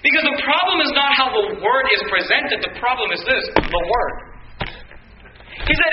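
A man preaching a sermon as pastor, talking casually and then rising to shouts. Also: very high voice, very animated, moderate pace, reverberant, distant mic, dull audio, slight background noise. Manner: conversational preaching that rises to shouting.

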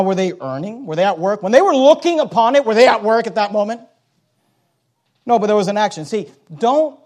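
A man preaching a sermon with emphasis, driving points home loudly and then dropping to quiet asides, and reading scripture aloud. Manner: emphatic, swings from loud urgent points to low quiet asides; reads scripture aloud in old-fashioned wording.

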